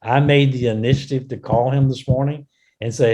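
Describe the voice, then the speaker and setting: A man who mentors business owners, telling a story on a call-in show in an earnest way, often repeating words and filling pauses with "and, uh". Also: mid-range voice, dark tone.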